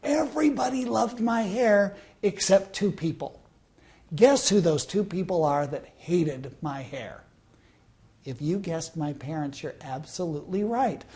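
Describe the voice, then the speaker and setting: A man's voice: sits high, a little slow, warm tone. A man in his fifties from Southern California, giving a motivational self-help talk and telling a personal story, with rhetorical questions to the listener. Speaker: motivational speaker.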